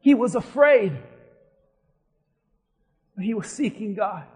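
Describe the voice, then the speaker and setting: A man preaching a sermon as pastor in a church, his delivery building from steady teaching to impassioned shouting. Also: high voice, takes it slowly, in a large hall. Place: church sanctuary.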